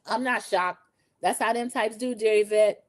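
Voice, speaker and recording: A woman's voice: mid-range voice, normal speed, no echo. A middle-aged woman hosting a casual opinion recap, chatty and opinionated, talking straight to her viewers. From lived in the American South over twenty years. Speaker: recap host.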